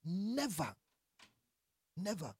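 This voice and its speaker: A preacher giving a sermon with Bible reading, asking the congregation questions and answering them, and building to emphatic loud passages. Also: mid-range voice, huge pitch swings, very slow, breathy edge, dry recording.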